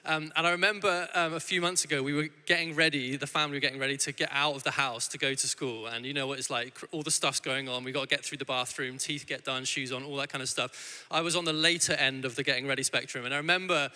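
A man in his thirties giving a sermon as a guest preacher, telling family stories in a loose, conversational way with many restarts. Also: fairly high pitch. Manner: warm conversational storytelling with frequent restarts. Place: church hall. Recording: church hall with long reverb.

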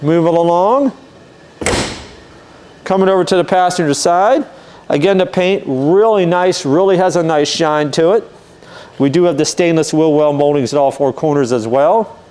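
A man's voice: on the high side, moderate pace, a little mellow, clean tone. Easygoing man giving a car walkaround. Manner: easygoing, methodical, many "um" and "uh" fillers. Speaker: car dealer walkaround presenter. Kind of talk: casual vehicle walkaround narration.

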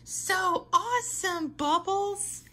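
A woman's voice: very high voice, slow pace, bright, forceful tone, full character voice. A woman playing a caring, motherly girl superhero who encourages her little sister, in a fan role-play. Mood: excited, proud.

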